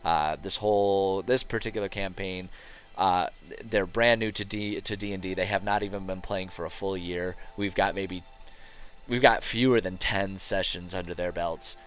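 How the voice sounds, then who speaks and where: A man's voice: sits low, steady tone, moderate pace, a bit bright, smooth. A male streamer and game master chatting casually as he builds a world, rambling, joking at his own expense and swearing now and then.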